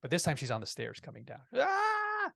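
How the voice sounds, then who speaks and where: A man telling a personal story in a lively, animated way, with many restarts. His voice sits at a middle pitch. The recording is close and dry. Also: rapid-fire, creaky, husky, dry recording. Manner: lively, acts out quoted voices, restarts often. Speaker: podcast guest.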